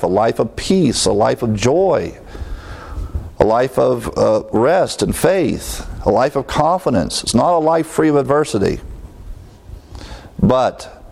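A man's voice: medium pitch, gravelly, a little mellow. A man preaching an expository sermon, earnest, repeating phrases for emphasis and asking rhetorical questions. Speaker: pastor.

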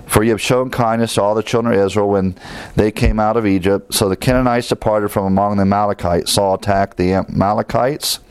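A man's voice: fairly low pitch, steady tone, fairly quick, a little mellow, clear, resonant tone, no echo. A man leading an evening Bible study as pastor, reading passages aloud and breaking in with plain-spoken comments.

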